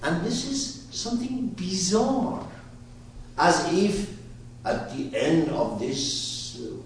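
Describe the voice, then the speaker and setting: A man telling a story to a live group, lively and asking his listeners questions, in a roomy space heard from a distance. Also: a little high, a little hiss or hum. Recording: roomy hall, voice from far off.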